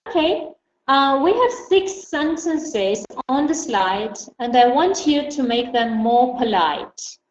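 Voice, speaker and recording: A woman whose first language is Armenian, teaching an online English class and patiently repeating model phrases slowly. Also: sits high, lively intonation, a little mellow. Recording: roomy, dull lo-fi audio with faint hiss.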